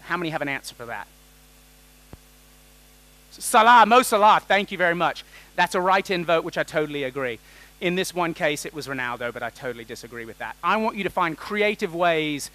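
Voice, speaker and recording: A man giving an energetic, joking talk on a conference stage, tossing questions at the audience. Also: fairly high pitch, fairly quick, low-quality recording. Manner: energetic and jokey, quizzing the audience. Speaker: conference keynote speaker.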